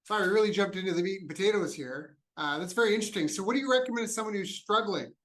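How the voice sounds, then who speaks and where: A Canadian podcast host, a man with a somewhat high voice, leans into conversation. He wanders into personal stories, breaking off and restarting his sentences as he asks his guest questions. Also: rapid-fire, a bit bright, slight background noise, low-quality recording. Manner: rambling, tells anecdotes, self-interrupting.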